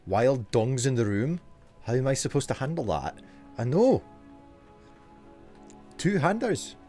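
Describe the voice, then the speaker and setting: A male streamer talks at a middling pitch as he plays live, chatty and jokey. He reacts out loud to the game and talks back to his chat, with faint game music underneath. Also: sing-song, a little slow. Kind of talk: live gameplay commentary.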